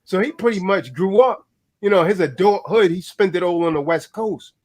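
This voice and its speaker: A man's voice: high-pitched, normal speed, darkish tone. A man hosting a casual chat, telling stories in an emphatic, blunt way with plenty of swearing. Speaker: host.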